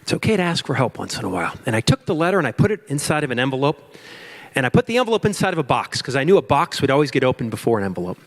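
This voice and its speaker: A middle-aged man from Chicago giving a keynote talk, telling a lively business story and acting out his own panic and phone calls, now and then asking the audience questions. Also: mid-range voice, racing. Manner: animated, acts out his own panic and quotes. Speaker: speaker at a business forum.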